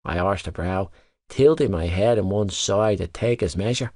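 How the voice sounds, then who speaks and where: A man narrating a novel in the first person in an even, measured storytelling voice, close to a studio microphone. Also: low-pitched, no room sound. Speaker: audiobook narrator.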